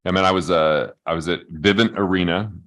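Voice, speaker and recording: A man's voice: low voice, fairly even intonation, a little fast, fairly bright tone. A man in his forties hosting an interview, musing thoughtfully on the guest's story. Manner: reflective, musing. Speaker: host. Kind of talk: interview conversation.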